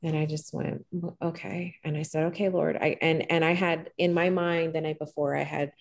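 Middle-aged woman guest, low and gravelly, calm even-keeled storyteller with lots of "um"s. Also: moderate pace. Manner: calm, even-keeled, with frequent fillers and restarts. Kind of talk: personal storytelling in conversation.

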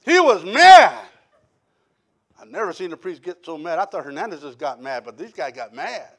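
A man preaching a sermon, telling his testimony in an animated storytelling way and quoting other people. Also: a little high, moderate pace. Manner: animated storytelling with quoted voices.

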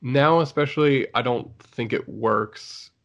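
A man's voice: mid-range voice, a little slow, vocal fry, lo-fi sound. A man co-hosting a casual chat about shows, rambling with lots of fillers and restarts. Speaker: podcast co-host.

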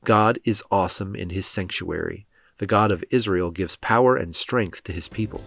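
A man reading scripture aloud as scripted narration, in a solemn, steady way. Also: deep voice, moderate pace, creaky. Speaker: scripture reader.

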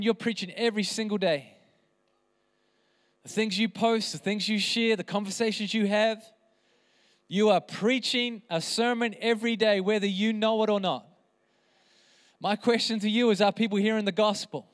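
A man's voice: high voice, fairly even intonation, moderate pace, pauses often. A man preaching an impassioned sermon as pastor, with emphatic repeated phrases. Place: church hall. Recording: reverberant hall.

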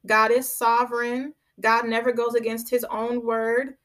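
A woman's voice: fairly high pitch, level tone, measured pace, fairly bright tone. A woman hosting a podcast, giving a conversational Bible teaching. She speaks emphatically, repeats her key phrases, and keeps checking in with her listeners by asking "right?". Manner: drives points home by repeating phrases.

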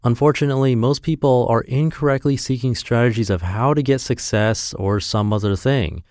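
A man's voice: mid-range voice, normal speed, a little mellow, no room sound, studio quality. A man narrating a self-help blog post for his podcast in an upbeat, emphatic reading voice.

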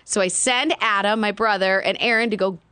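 A woman in her thirties co-hosting a podcast, retelling stories in a lively, dramatic way. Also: medium pitch, brisk, clean tone, dry recording. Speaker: podcast co-host. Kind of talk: casual chat.

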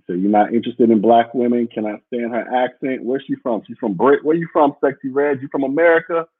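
A podcast host with a husky, medium-pitched voice talks briskly on a casual livestream, reading viewer comments aloud in a rambling, blunt, profane way. The audio is muffled and phone-like, with no echo.

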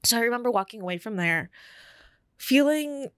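A woman's voice: a little high, lively intonation, moderate pace, fairly bright tone, clean tone, no room sound. A young woman on a podcast, candidly telling a personal story in casual chat, with many fillers. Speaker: podcast co-host.

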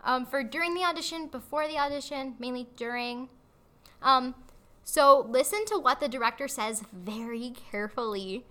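A woman's voice: sits high, normal speed, bright, forceful tone. A woman co-hosting a casual chat, talking in a hesitant way with many fillers. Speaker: podcast co-host.

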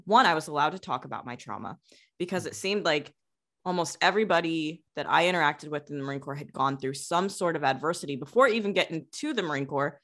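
A woman's voice: deep voice, a bit bright. A woman, a Marine veteran hosting a podcast, talking earnestly in a rambling way. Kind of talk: conversational interview.

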